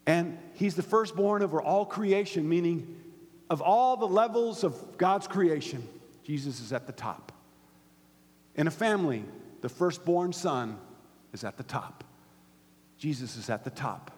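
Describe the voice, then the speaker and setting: A pastor preaching in a high, reaching voice, pushing to loud emphatic peaks and sinking to hushed asides. His sermon rings with a long reverb of a large hall. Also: animated, measured pace, pauses often. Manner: dynamic preaching, rising to loud emphatic peaks and dropping to near-whispers.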